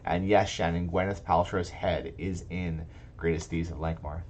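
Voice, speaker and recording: A man with a very low voice hosts a relaxed gaming podcast. He rambles, restarting sentences as he goes, in easy casual chat. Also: moderate pace, slight background noise. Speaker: podcast host. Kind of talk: casual chat about tabletop games.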